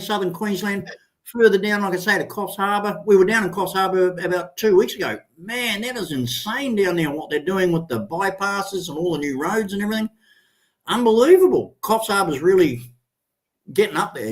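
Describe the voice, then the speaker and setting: An Australian man in his sixties, a guest in a casual chat, talking in a rambling, enthusiastic way and swearing freely. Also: high-pitched.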